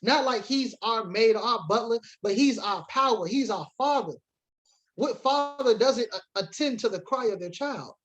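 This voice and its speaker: A man's voice: very high-pitched, a little slow, fairly bright tone, dull audio. Man, congregation teacher, sermon-style Bible lesson, emphatic preaching, casual asides, reads scripture aloud.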